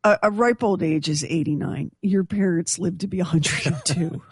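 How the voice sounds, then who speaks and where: A woman co-hosting a morning radio show, teasing her partner with wry interjections in a husky voice. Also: fairly low pitch, moderate pace, no echo, studio quality. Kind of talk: casual morning radio chat.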